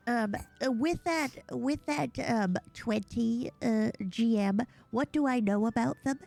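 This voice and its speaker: A woman's voice: on the high side, unhurried, gravelly, a little mellow. A woman playing a tabletop game, talking in a chatty, rambling way in character. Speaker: player.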